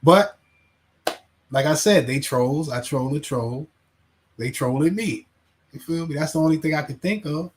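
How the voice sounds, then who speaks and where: A man's voice: fairly high pitch, measured pace, long pauses, slight background noise. A man hosting a casual livestream, rambling, laughing and reading chat names aloud. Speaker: livestream host.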